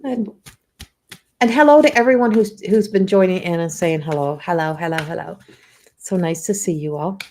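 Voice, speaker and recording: A woman in her fifties, a psychic medium, talking gently and encouragingly on a live stream and laughing often. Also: fairly low pitch, moderate pace, slight background noise. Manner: tells family anecdotes with mimicked voices. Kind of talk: live-stream spiritual talk.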